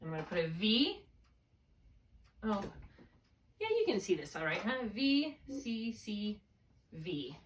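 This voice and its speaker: A woman's voice: mid-range voice, sing-song, slow pace, long pauses, distant mic, slight background noise. A woman tutoring a student one-on-one in a spelling lesson over a video call, explaining each step patiently and checking in with questions. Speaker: reading tutor. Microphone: laptop mic, held while writing.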